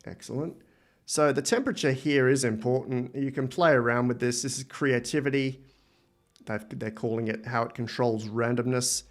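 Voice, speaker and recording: A man's voice: medium pitch, steady tone, normal speed. Enthusiastic Australian man hosting a livestream. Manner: enthusiastic, thinks aloud while typing. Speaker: livestream host. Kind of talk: live software demo.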